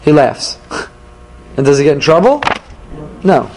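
A man teaching a Torah class, animated, asking questions and answering them himself. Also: on the high side, normal speed, slight background noise, low-quality recording.

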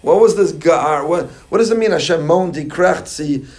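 A man with a somewhat high voice delivers a sermon as a rabbi, lively and full of joking asides. He weaves Hebrew and Yiddish terms into his talk. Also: moderate pace.

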